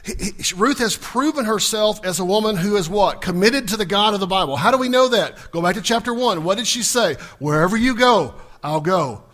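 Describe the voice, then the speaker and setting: High-voiced preacher acting out scripture. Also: male voice, fairly quick, hardly any pauses. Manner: animated, asks the congregation questions, acts out scripture dialogue. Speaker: pastor. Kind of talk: sermon.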